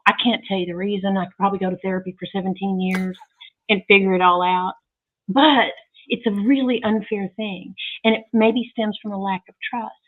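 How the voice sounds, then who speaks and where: A woman chatting as a podcast guest, bubbly and self-deprecating, laughing often. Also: mid-range voice. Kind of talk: casual interview chat. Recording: thin phone-like sound.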